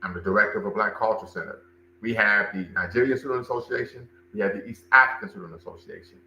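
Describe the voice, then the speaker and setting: A man's voice: on the low side, fast talker, pushed and bright, roomy sound, muffled recording, slight background noise. A man hosting a livestream, commenting and talking with his chat, emphatic and repeating phrases for stress. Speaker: livestream show host and cultural center director.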